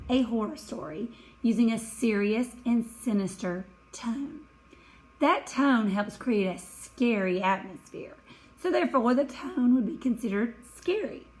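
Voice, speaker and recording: Woman teacher talking students through slides, slow and careful, fixes her own slips, voice sits kind of high. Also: rough recording. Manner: slow, careful explaining with small self-corrections. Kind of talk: recorded classroom lesson over slides.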